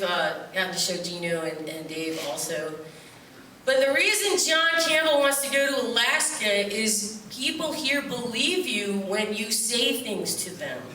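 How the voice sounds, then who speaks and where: A poet from upstate New York performs at a festival, telling rambling, joking stories from a theater stage in a chatty way full of loose asides. Her mid-range voice is pushed and bright, heard from a distant mic in an echoey theater with a little hiss or hum.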